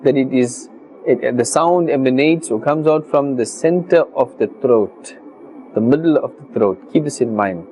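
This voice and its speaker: A man teaching Quran reading pronunciation, patiently explaining rules and slowly repeating words as models for his students. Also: mid-range voice, dark tone, slight background noise, rough recording. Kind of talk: religious recitation lesson.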